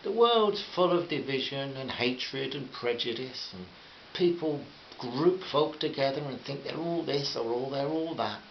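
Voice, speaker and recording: A man reading a short story aloud in a gentle, friendly way, addressing listeners as friends. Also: medium pitch, expressive, measured pace, creaky. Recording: muffled roomy recording with faint hiss.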